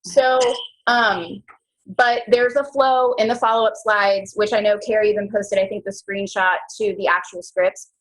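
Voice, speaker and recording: A young woman leading a team coaching call, chatty and animated, full of slang and quick asides. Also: poor audio. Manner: animated, chatty, slangy, jumps into high mock voices. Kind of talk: casual motivational team call.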